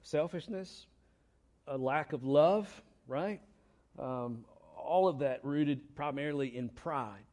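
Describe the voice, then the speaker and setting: A man's voice: a little high, takes it slowly, darkish tone. A man preaching a sermon, repeating key lines and asking rhetorical questions. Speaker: pastor. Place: church.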